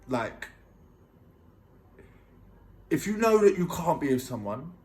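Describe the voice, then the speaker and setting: A man earnestly telling his own story in a casual vlog, emphatic and often checking in with the listener. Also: fairly high pitch.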